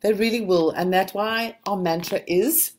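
A woman's voice: mid-range voice, normal speed. A woman, a book mentor talking casually and encouragingly to a group of writers. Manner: reflective, encouraging, steady. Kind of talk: casual conversation to a writing group.

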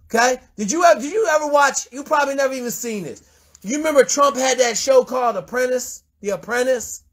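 High-pitched, husky man ranting bluntly. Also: fairly quick, fairly bright tone. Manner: profane, confrontational, lecturing. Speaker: host mentor. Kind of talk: blunt profane mentoring rant.

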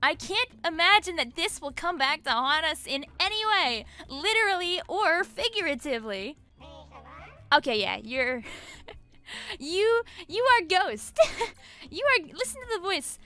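A young woman streaming a video game, chatting excitably, giggling and shrieking at the screen. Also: extremely high pitch, unhurried. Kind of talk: gameplay commentary.

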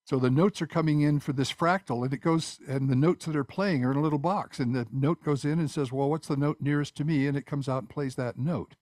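A man's voice: on the high side, a little fast, few pauses, a little mellow, dry recording. An older male composer answers questions over a video call. He rambles and restarts his sentences often. The sound is dry, with no room around it. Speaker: guest speaker, composer. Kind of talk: casual presentation and Q&A.

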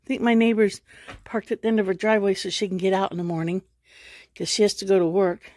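A woman's voice: mid-range voice, level tone, fast talker, darkish tone, dry recording, clean studio sound. Chatty woman vlogging outdoors. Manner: chatty, rambling, musing aloud. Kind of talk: casual walk-and-talk vlog. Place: outdoors in snow around her house.

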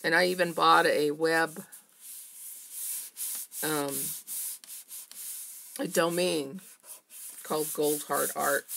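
Slow, gravelly-voiced woman crafter chatting. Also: low voice, sharp tone, a little hiss or hum. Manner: chatty, personal, greets viewers by name. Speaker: craft vlogger. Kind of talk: casual chat while crafting. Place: home art studio.

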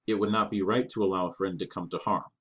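A man's voice: low-pitched, steady tone, quick pace, a bit bright, husky. A man voicing a precise, polite robot helper. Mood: formal. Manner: precise, formal, earnest.

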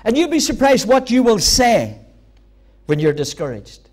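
A man preaching a church sermon, emphatic and repetitive, building to loud peaks. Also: extremely high pitch, wildly swooping pitch, normal speed. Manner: emphatic, repeating phrases, rising to loud peaks. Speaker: pastor.

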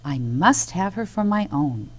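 A woman's voice: deep voice, very animated, a little slow. A woman voicing a strange, sly little man trading beans in a storybook. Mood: wheedling. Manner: exclaiming, wheedling.

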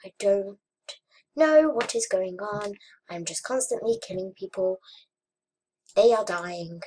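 A young woman chatting casually over her gameplay, murmuring to herself and then bursting into frustrated shouts. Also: medium pitch, takes it slowly, a little hiss or hum. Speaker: gaming vlogger. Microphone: webcam or desk mic.

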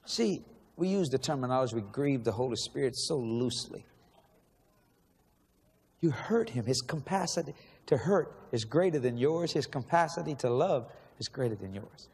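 A man's voice: mid-range voice, lively intonation, normal speed, creaky, a little mellow, husky. A man preaching a sermon in a large church, emotional and pleading, asking the same questions again and again. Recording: long echo of a large hall.

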